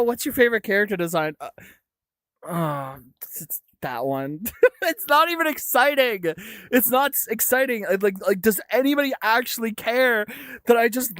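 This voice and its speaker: A young woman chats on her livestream, reacting to comments with giggles and stumbling restarts. Her voice swoops up and down in lively bursts. It is picked up dry and close on a desk mic, with no room sound. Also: fairly high pitch, no room sound. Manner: giggly, stammering, jokey. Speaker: livestream host. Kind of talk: casual chat reading viewer comments.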